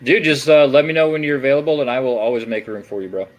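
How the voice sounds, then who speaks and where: A man's voice: medium pitch, fast, rough recording. A man guesting on a casual livestream chat, easygoing and friendly.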